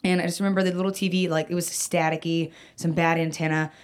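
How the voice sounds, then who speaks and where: A woman's voice: lowish voice, level tone, fast. A woman telling a personal story in casual chat, rambling, full of "like" and "um", with frequent restarts and casual swearing.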